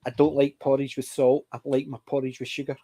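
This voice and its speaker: A man's voice: medium pitch, flat delivery, a little fast, warm tone, breathy edge. A middle-aged Scottish man hosting a casual panel chat, rambling through stories with frequent restarts. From Scotland. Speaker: panel host.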